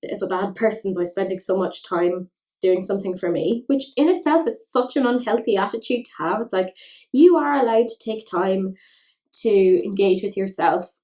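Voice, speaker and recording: A woman's voice: medium pitch, darkish tone. A young Irish woman chatting casually while doing her makeup, rambling and poking fun at herself. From Ireland. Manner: chatty, self-mocking, rambling asides. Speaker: makeup vlogger.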